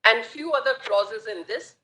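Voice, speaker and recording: A woman advocate argues formally before the bench, addressing it with set courtroom phrases. Her voice is high, bright and clear. It rings in a roomy courtroom. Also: normal speed. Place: large courtroom.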